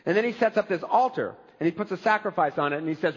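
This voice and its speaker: High-voiced guy preaching, kinda breathy, echoey church sound. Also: brisk, hardly any pauses, highs cut off. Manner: conversational preaching with animated asides. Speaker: pastor. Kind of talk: sermon.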